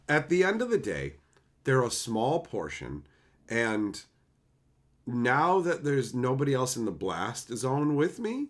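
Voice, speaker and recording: A man chatting casually on a livestream and answering chat, animated and swearing freely in loose run-on asides. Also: mid-range voice. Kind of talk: casual live-stream chat.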